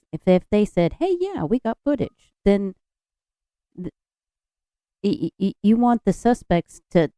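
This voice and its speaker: A woman co-hosting a podcast in casual chat, chatty and quick to chime in. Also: deep voice, warm tone, clean tone, no echo. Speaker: podcast co-host.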